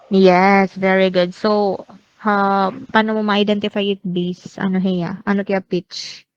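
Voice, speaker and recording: A young woman with a Waray Filipino accent teaches a class over a video call, moving between English and Waray. She keeps her pitch fairly level and often stops to question her students. The sound is dull and dry, from a laptop mic. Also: level tone, unhurried, smooth, dry recording. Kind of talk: online class lecture.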